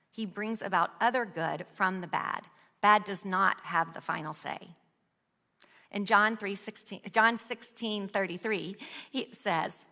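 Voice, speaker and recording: A woman's voice: mid-range voice, creaky, sharp tone. A woman giving an earnest devotional talk at a women's ministry, asking a string of rhetorical questions and reading scripture aloud. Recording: long hall reverb.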